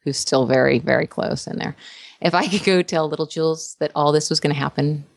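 A woman actress in casual interview chat, an animated storyteller who laughs often. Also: low voice, a little fast, gravelly, dry recording, studio quality. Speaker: actress and voice performer.

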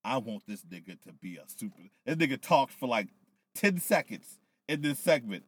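A man on a podcast, casually recapping wrestling with loose, profane, animated storytelling, a little tipsy. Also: mid-range voice, moderate pace, breathy edge, no room sound. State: tipsy from whiskey. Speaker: podcast co-host.

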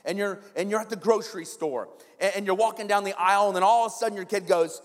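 High-voiced, joking pastor in a hall. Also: male voice, fast talker. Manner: humorous, conversational, keeps asking "right?". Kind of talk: sermon. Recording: long reverb in a big hall.

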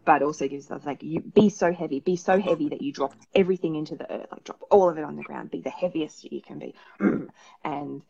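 A woman with an Australian accent, a psychologist giving parenting advice in a relaxed, thoughtful way, with many fillers. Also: sits low, a little fast, vocal fry, lo-fi sound, a little hiss or hum. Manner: thoughtful, rambling with many fillers, acts out examples. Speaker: perinatal psychologist guest. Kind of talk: casual advice talk. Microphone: video call.

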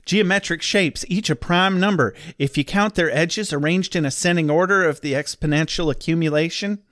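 A man's voice: on the high side, moderate pace, a bit bright, no echo, studio quality, close to an everyday voice. A man quoting an eager nerdy young woman.

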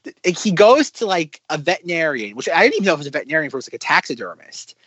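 A man co-hosting a casual film podcast, talking excitedly with lots of fillers and restarts. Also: fairly high pitch, rapid-fire, slightly rough, dry recording. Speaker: podcast co-host.

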